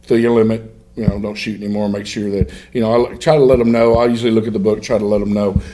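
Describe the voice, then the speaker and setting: A man's voice: on the low side, flat delivery, fast talker, mellow. A middle-aged man, a guest on a podcast, telling hunting stories in a rambling, self-interrupting way and laughing through them. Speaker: guest, duck hunter. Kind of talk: casual storytelling in a podcast interview.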